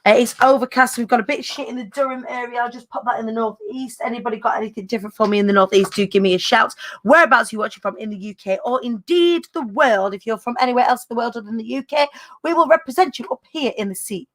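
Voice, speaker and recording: Bubbly, higher-voiced woman. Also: fast talker. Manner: bubbly and chatty, with British slang. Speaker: host. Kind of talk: casual live-stream chat.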